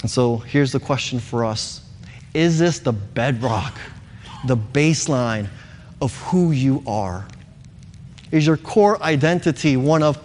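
A man's voice: on the high side, measured pace, in a large hall, a little hiss or hum. A male pastor preaching a sermon in an earnest, emphatic way, repeating key words.

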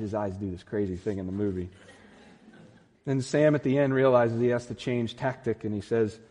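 At a moderate pace, a male pastor delivers an emphatic, heartfelt sermon building to strong climaxes. He has a mellow, slightly husky voice in the middle range, and each phrase rings out with long reverb from a big hall.

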